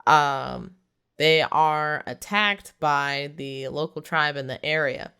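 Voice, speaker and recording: Movie reviewer, smooth clear voice, casual rambling recap, lots of ums, chuckling. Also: mid-range voice, takes it slowly, sharp tone.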